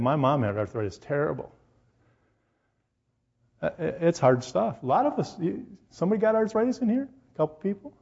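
A man's voice: mid-range voice, vocal fry, lo-fi sound. A man preaching to a congregation, telling personal stories and firing questions at his listeners. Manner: animated, addresses congregation directly with questions. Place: church hall before a congregation.

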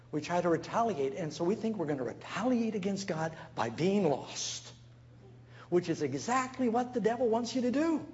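A man's voice: high voice, darkish tone, highs cut off, a little hiss or hum. A man preaching as a pastor, telling stories and acting out the people he quotes. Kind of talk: sermon.

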